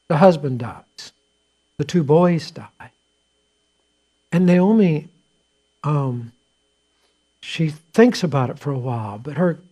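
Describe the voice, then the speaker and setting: A pastor preaching in a church, his voice sitting a touch high for a man. He tells the story conversationally, with restarts, dropping quiet for asides and lifting loud for his points. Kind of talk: sermon.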